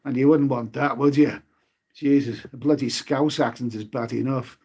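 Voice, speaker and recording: A man's voice: mid-range voice, steady tone, moderate pace, warm tone, breathy edge. A man hosting a travel live stream in a casual, rambling way, repeating his words and leaning on fillers. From United Kingdom.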